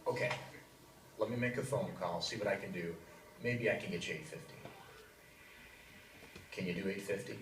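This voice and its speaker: An actor playing a friendly but pushy customer who coaxes and bargains. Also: male voice, low-pitched, normal speed, pauses often, natural voice. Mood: coaxing. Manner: coaxing, bargaining. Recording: distant video playback in an echoey room, clear noise.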